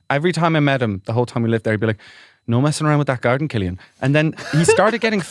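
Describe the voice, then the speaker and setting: A man's voice: mid-range voice, no room sound, clean studio sound. A man co-hosting a podcast, telling rambling comic stories and laughing as he goes. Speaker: podcast co-host. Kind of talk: comic storytelling chat.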